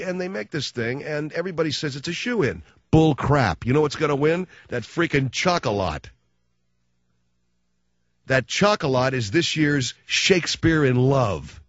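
A male host rants with comic sarcasm, veering between loud mocking outbursts and muttered asides under his breath. There's no room sound, and the highs are cut off.

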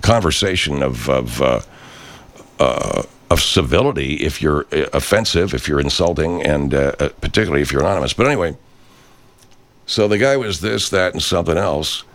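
Deep-voiced brash foul-mouthed male host. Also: lively intonation, normal speed, a bit bright. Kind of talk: profane rant monologue.

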